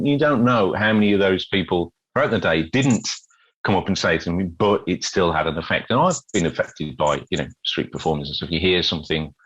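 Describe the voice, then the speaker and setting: British guy, deep husky voice, chatty storyteller, keeps repeating himself. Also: muffled recording. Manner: animated storyteller, repeats words, acts out quotes. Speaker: guest busker. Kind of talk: casual storytelling interview.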